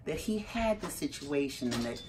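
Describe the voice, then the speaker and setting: A woman's voice: moderate pace, noisy background. A middle-aged woman, the mother of a parolee, telling her story in an interview and acting out her own reactions with big leaps in her voice. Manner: animated, acts out her own reactions with big jumps in pitch.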